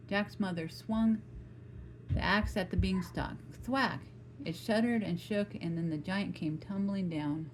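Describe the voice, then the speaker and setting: A woman reading a children's story aloud, gently and expressively, adding sound effects as she goes. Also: mid-range voice, unhurried, slight background noise, low-quality recording.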